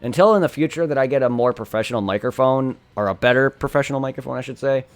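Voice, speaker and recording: A man's voice: mid-range voice, fast. A young man chatting casually on a live game stream, rambling and correcting himself as he talks into a desktop condenser mic. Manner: rambling, self-correcting, reads game dialogue aloud. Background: faint music and computer fan hum.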